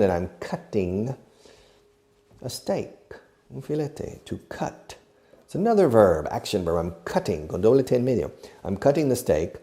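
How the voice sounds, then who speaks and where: A man with a medium-pitched, dark-toned voice gives a slow, demonstrative English lesson on verbs. He acts out each one, spells words and repeats phrases, switching into Spanish for explanatory asides.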